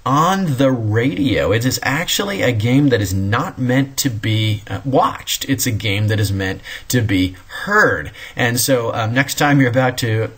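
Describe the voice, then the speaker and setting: This recorded history lecture comes from a man from the American Midwest who talks casually, wanders off on tangents, and revises himself mid-thought. His voice is lowish and fairly bright, with a slight roughness.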